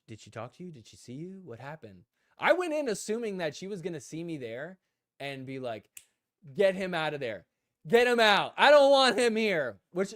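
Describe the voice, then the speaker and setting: A young man chats on a live stream, telling stories with animation and slipping into quoted voices as he goes. His pitch sits in the ordinary middle range for a man. The sound is dry and close, with no room in it. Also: no echo. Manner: animated storyteller, acts out quotes, laughs often. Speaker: host. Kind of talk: casual live-stream chat.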